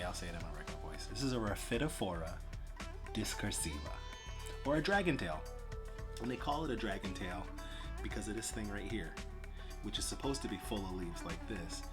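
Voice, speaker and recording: A man with a fairly low voice chats loosely and self-deprecatingly while he works with a plant. His talk is relaxed and homey. Music plays clearly underneath. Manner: chatty, self-deprecating, with light laughs. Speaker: plant vlogger. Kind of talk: casual chat while potting a plant. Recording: background music.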